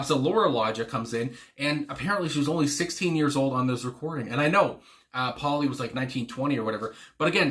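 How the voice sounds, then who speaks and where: A man casually talking through his reaction to a song, rambling and excitable, with plenty of fillers, swearing and chuckles. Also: medium pitch. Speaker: music reaction channel host.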